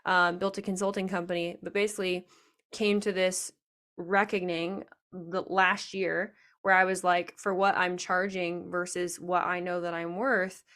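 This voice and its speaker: A woman's voice: fairly low pitch, flat delivery, a little slow, a bit bright. Chatty woman podcast host. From Nebraska. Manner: chatty, reflective, many fillers. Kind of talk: casual podcast chat.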